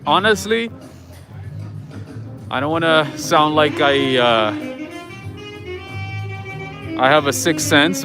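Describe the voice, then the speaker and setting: A man hosting a casual live walking tour outdoors at night, chatting with viewers and answering their comments. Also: a little high. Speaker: livestream host. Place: outdoors on an old-town street at night. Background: jazz music playing nearby.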